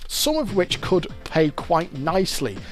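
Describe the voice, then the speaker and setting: A man's voice: high voice, very animated, a little slow, faint music behind. A British man giving casual, rambling commentary while he plays a fruit machine game and explains its features.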